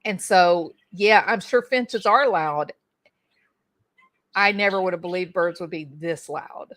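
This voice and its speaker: Slow and a little bright, her lowish voice carries a folksy home livestream where this middle-aged woman reads the chat aloud and addresses viewers by name.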